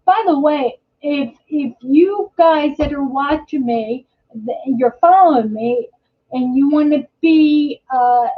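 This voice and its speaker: A woman hosting a live chat stream, telling rambling stories full of fillers and restarts and greeting viewers as they join. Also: high voice. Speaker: host of a live chat show. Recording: dull lo-fi live-stream audio.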